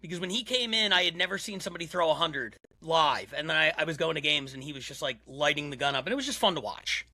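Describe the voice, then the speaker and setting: Upbeat podcast host guy, high-ish voice, dry close sound, lots of um and uh. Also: lively intonation, quick pace, few pauses, bright, forceful tone, dry recording. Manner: upbeat, hesitant with fillers when thinking. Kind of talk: casual chat.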